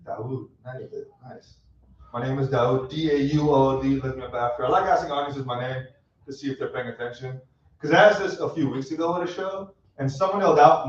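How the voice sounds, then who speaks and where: A man in his thirties doing a stand-up set with crowd work, deadpan and self-mocking, laughing at his own jokes on a club stage. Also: on the high side, slight background noise. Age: 30s. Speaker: stand-up comedian. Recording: roomy, distant, dull club recording.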